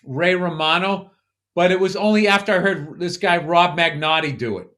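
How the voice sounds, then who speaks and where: A man's voice: high-pitched, moderate pace, pushed and bright. A man hosting a podcast, chatting casually and asking curious questions, swearing now and then. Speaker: podcast host. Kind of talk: casual chat.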